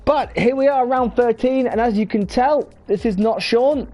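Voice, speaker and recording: A man leading an online sim racing commentary, energetic and building up the excitement, with quick self-corrections. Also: very high voice, muffled recording. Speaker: lead commentator.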